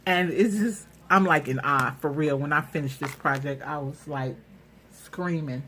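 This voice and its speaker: A woman with a low speaking voice hosts a casual craft vlog at home, gushing over her handmade pieces. She talks in a chatty, excitable way with plenty of fillers. Faint room noise sits under the camera mic. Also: unhurried. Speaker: craft channel host. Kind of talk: casual show-and-tell vlog.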